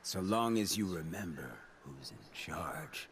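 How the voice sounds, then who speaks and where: An actor playing a swaggering, smooth-talking male town mayor in a video game, with a gravelly, hushed, half-whispered delivery. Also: low-pitched, animated, measured pace, very noisy. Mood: easygoing.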